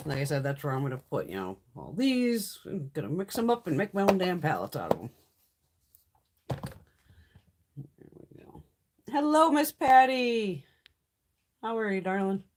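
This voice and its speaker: Woman hosting a casual beauty haul stream, chatty and salty-mouthed, with a very animated voice that jumps all over. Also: deep voice, moderate pace, long pauses, noisy background. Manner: chatty, blunt, swears freely. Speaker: beauty livestream host. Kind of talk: casual live-stream chat.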